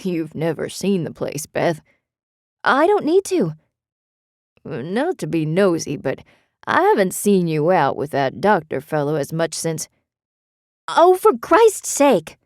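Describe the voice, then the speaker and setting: A woman's voice: a little slow, darkish tone, dry recording, studio quality. A woman voicing a desperate, impulsive young woman in an audiobook, urgent and emphatic. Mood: exasperated. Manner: rising pitch, urgent and emphatic. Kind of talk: audiobook character reading.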